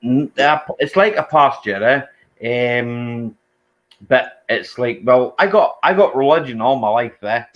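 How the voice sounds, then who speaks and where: A man from the Scottish Highlands with a Highland accent, chatting in a relaxed, drawling way and ending his phrases with tag questions. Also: measured pace, highs cut off. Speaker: co-host. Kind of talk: casual chat.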